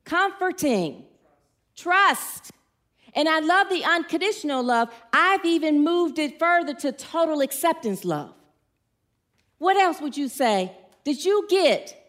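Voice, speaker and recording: A woman's voice: sits high, very animated, unhurried. A middle-aged woman giving an informal sermon, chatty and playful, telling stories and putting questions to the congregation. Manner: warm, chatty, playful storytelling with audience questions. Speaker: speaker at a church gathering.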